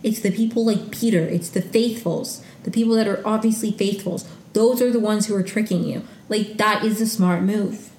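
A woman's voice: medium pitch, steady tone, normal speed, hardly any pauses, darkish tone, roomy sound, slight background noise. A woman hosting a podcast, chatting casually and gushing, peppered with "like". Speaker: podcast host recapping reality TV. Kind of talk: casual solo recap.

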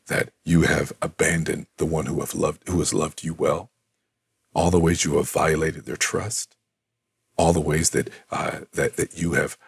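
A man voicing the apostle James, whispering low, knowing accusations. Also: gravelly, husky, no room sound, studio quality, exaggerated voice.

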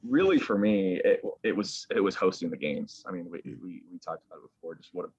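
A young man, a sports broadcaster, excitedly retelling a story as an interview guest over a video call, acting out quotes as he goes. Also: sits low, husky, no room sound, dull audio. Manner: animated, excited retelling with quick acted quotes.

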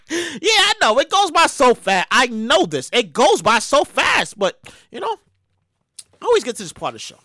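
A woman hosting her own show, giving animated, profane comedic commentary on news stories and repeating her words as she riffs. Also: high-pitched, measured pace, pauses often, no echo, clean studio sound. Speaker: podcast host.

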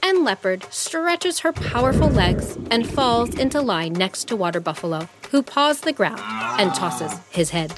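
A woman narrating a scripted children's story in an expressive, animated way. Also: a little high, unhurried. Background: music.

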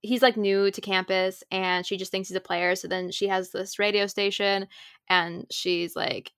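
A young woman in her twenties talks casually on a podcast, filling her sentences with likes and ums. Her voice is smooth and clear. It sounds dry and close to the mic. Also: medium pitch, little pitch movement, normal speed, a bit bright, no echo. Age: 20s. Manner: chatty, filler-heavy with frequent "like" and "um". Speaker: podcast co-host. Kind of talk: casual chat.

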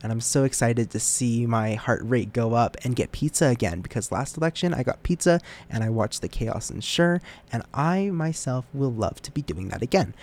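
A man's voice: medium pitch, lively intonation, moderate pace, few pauses, darkish tone. A young man hosting a casual solo podcast, rambling and self-deprecating, often stumbling over his words. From United States. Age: young adult. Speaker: podcast host.

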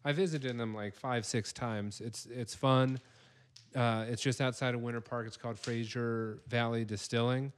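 A man's voice: mid-range voice, fairly even intonation, moderate pace. A man hosting a casual podcast chat, rambling and full of fillers. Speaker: podcast host.

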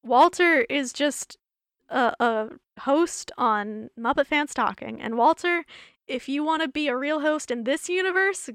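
A woman's voice: high voice, measured pace, dry recording, clean studio sound. A woman hosting a solo podcast, rambling and giggling in casual chat, her voice worn out after hours of recording. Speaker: podcast host.

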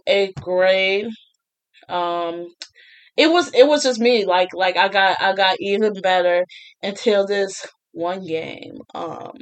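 A young woman telling a casual storytime, chatty, with frequent laughs and restarts. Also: mid-range voice. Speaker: vlogger.

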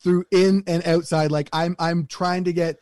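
A man's voice: sits high, normal speed, dry recording, clean studio sound. A man from Canada co-hosting a podcast, riffing playfully in casual chat. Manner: playful joker, animated riffing. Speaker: podcast co-host.

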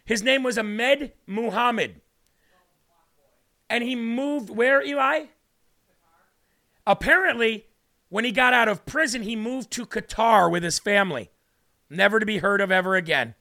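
A man hosting a political talk show with a high, gravelly voice and a bright, tense edge. He rants with heavy sarcasm and animated emphasis, turning to his co-host now and then. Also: a little slow, long pauses.

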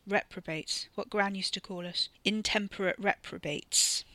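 A man's voice: high-pitched, fairly even intonation, a little slow, sharp tone, dry recording, full character voice. A woman voicing a blunt, laconic young man. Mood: laid-back. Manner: blunt, dry, swearing. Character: muscular British cousin, blunt and laconic.

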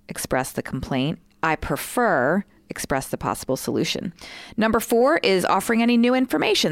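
Low-pitched woman walking thru steps, measured, lots of um, smooth clear tone. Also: dry recording, studio quality. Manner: measured, with frequent um fillers. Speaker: co-host explaining a communication tool. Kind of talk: explaining casually with role-play examples.

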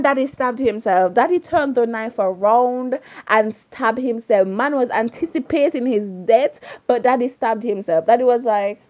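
A woman casually retelling a drama in a dramatic, slangy way with excited asides. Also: on the high side, measured pace, hardly any pauses. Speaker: storyteller recapping a drama.

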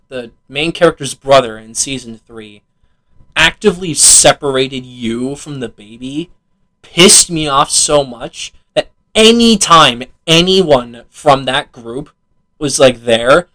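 A man's voice: medium pitch, bright, forceful tone, poor audio. A young man co-hosting a casual podcast about video games, laughing often, swearing freely and acting out game dialogue. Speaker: podcast co-host.

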